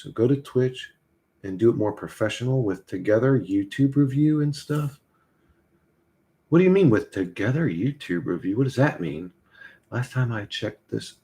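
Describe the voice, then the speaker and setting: A man with a gravelly, creaky edge to his voice, talking casually on a live stream. He rambles, swears freely and answers viewers' chat messages as they come in. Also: mid-range voice, warm tone.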